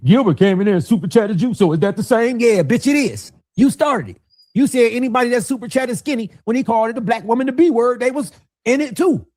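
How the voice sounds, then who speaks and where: A man's voice: very high voice, animated, fast, a little mellow, dry recording. A man, throwing insults. The sound is dry and close, with no room around it. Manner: heated, insulting, profane. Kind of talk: angry rant in a played clip.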